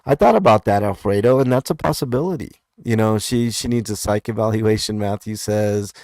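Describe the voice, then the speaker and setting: A man with a lowish voice hosts a relaxed comment-reading show, drifting through fillers and little laughs as he goes. The sound is dry and close, with no room around it. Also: brisk, dry recording. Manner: laid-back, hesitant, lots of fillers and chuckles. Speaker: host reading viewer comments. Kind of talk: casual live comment show chat.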